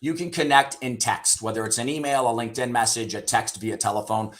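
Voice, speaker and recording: A man's voice: mid-range voice, brisk. A middle-aged man, a sales leader and guest on an interview show, telling stories candidly and often ending points with "right?". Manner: candid, swears casually, frequent "right?" tags. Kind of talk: storytelling interview talk.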